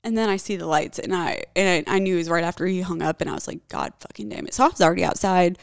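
Young woman vlogger, blunt confessional storyteller who curses often; raspy vocal fry, dead-dry recording. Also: lowish voice, racing, no room sound. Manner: blunt, heavy swearing, candid. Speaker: vlogger telling a personal story.

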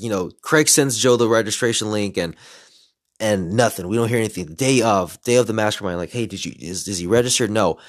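Excited man telling a story, dry. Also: on the low side, dry recording. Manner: excited, animated retelling with quoted voices. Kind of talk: casual storytelling.

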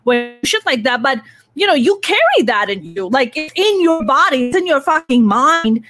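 A woman's voice: high voice, sing-song, moderate pace, fairly bright tone, soft background music. A woman in her thirties hosting a podcast, talking candidly and emotionally, swearing freely. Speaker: podcast host. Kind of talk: candid conversational interview.

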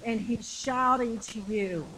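A woman preaching a sermon with passion, repeating phrases and shouting the climactic lines. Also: a little high, slow pace, poor audio.

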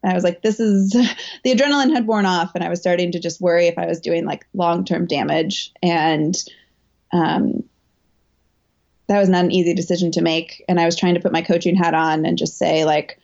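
Through dull audio comes a woman's low, gravelly voice with a darkish tone, holding a steady pitch at a moderate pace. She's a top marathoner and coach retelling a race for an interviewer, speaking frankly and emotionally, with plenty of filler words and false starts.

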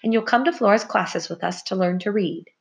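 A woman voicing a small, bold young female mouse who talks in a bossy, cheerful, high chirpy way. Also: brisk, creaky, dull audio, lightly acted.

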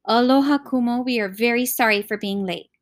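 A woman doing a calm, polite young girl. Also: fairly high pitch, a little fast, close to an everyday voice. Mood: composed. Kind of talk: audiobook character voice.

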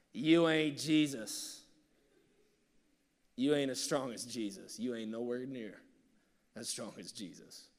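A male pastor preaching a sermon, swinging from loud bursts to hushed, near-whispered passages. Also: on the low side. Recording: long reverb of a large hall.

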